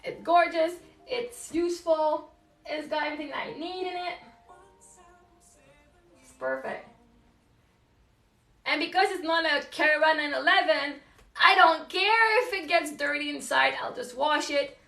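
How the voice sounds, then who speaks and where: A woman's voice: high-pitched, measured pace, long pauses, pushed and bright, roomy sound, distant mic, soft background music. A woman venting candidly about motherhood in casual live-stream chat while folding laundry at home, swearing and laughing often. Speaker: live streamer, single mom.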